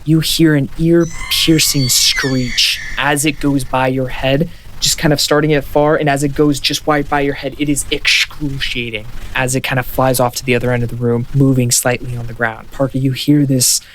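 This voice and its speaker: A man narrating a tabletop game as game master, describing scenes in a halting way with lots of fillers. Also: mid-range voice, level tone, fairly bright tone, a little hiss or hum.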